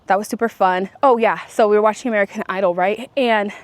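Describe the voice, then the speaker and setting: A young woman talks straight to her viewers in a loose, rambling vlog chat. She strings her thoughts together with plenty of likes and restarts. Her pitch sits right in the middle for a woman. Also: fast, no room sound. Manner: chatty and rambling, full of likes and self-corrections. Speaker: vlogger. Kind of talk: casual chat to camera.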